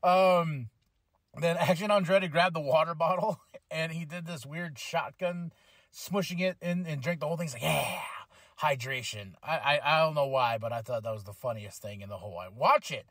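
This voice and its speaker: An excitable man hosts a casual podcast with a fairly high voice. He swears freely and breaks into laughter as he talks, and his voice sounds dry and close with no room around it. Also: brisk, dry recording. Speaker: podcast host. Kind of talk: casual chat review of a wrestling show.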